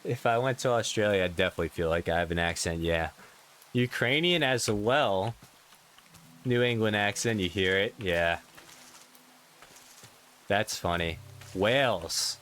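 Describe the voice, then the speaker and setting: A man's voice: fairly low pitch, unhurried, pauses often, a bit bright, slight background noise. A man streaming a gaming vlog, chatting casually and easily as he reacts to where viewers are from. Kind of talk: casual chat reading viewer locations.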